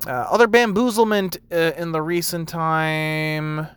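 A young man, a barista, rambling casually about work, full of fillers and bits where he acts out customers in a high sing-song voice. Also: a little slow, fairly bright tone, a little hiss or hum. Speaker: barista vlogger.

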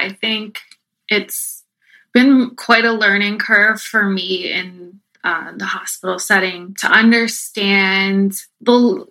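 Bright-voiced woman, thoughtful and hesitant. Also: medium pitch, rough recording. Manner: thoughtful, hesitant, searching for words. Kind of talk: casual conversation.

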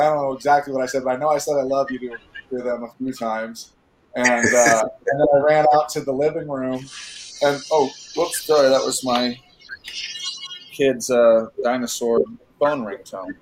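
A man's voice: mid-range voice, background noise. Rambling man telling stories in an echoey room. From Northern California. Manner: rambling storyteller, many fillers and restarts. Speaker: actor, interview guest. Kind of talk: casual storytelling interview.

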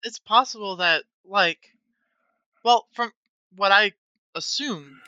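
Female co-host, bright and smooth, excitable casual chatter, dry recording. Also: medium pitch, takes it slowly, no echo, highs cut off. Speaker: podcast co-host. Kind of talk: casual chat.

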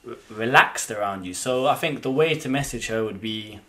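A man's voice: mid-range voice, normal speed, fairly bright tone. A young man gives dating advice in a direct, plain-spoken way. He often acts out example messages mid-sentence, then drops back into easy chat. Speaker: podcast co-host. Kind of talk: casual chat.

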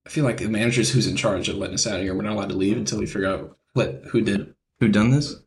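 Gravelly-voiced man playing a tabletop game. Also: fairly low pitch, fairly even intonation, very fast, slight background noise. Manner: eager, stammering, questioning. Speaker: player.

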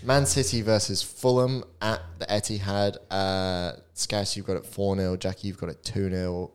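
A man hosting a casual football podcast with friends, reading out score predictions in a steady list and swearing bluntly. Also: low voice, normal speed, clear, resonant tone. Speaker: podcast host.

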